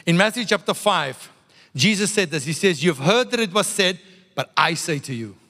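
A man preaching a sermon to a congregation as pastor, animated and playful, with call-and-response asides. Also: sits high, moderate pace, in a large hall.

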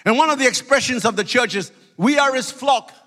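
A man's voice: extremely high pitch, brisk, bright, forceful tone, in a large hall. A middle-aged man preaching a sermon as pastor, emphatic with calls of hallelujah. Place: church sanctuary.

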